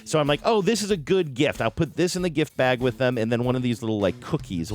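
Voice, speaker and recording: A middle-aged man hosting a podcast, telling a story in a casual, self-deprecating way and raising his voice when he quotes people. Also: fairly low pitch. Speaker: podcast host.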